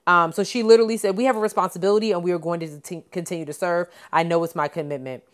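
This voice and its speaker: A woman's voice: fairly low pitch, fairly even intonation, very fast. A woman podcast co-host in casual chat, reading news items aloud and adding blunt asides.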